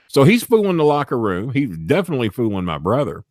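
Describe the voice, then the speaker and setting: A man's voice: mid-range voice, huge pitch swings, fast talker, darkish tone, dry recording, clean studio sound. A man telling a profane backstage story in casual chat, acting out the people he quotes in shifting voices. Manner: acts out quotes in shifting voices, swears often. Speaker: storyteller guest.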